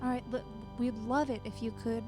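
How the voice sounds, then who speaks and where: A woman hosting a comedy radio show, asking soft, hesitant questions. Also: a little high, fairly even intonation, brisk. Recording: music playing behind.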